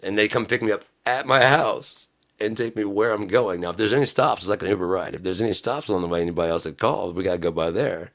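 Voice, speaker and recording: A man vlogging, telling a casual story with lively laughs and playing both sides of a chat. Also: lowish voice, fast. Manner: animated, laughs often, acts out both sides of a conversation.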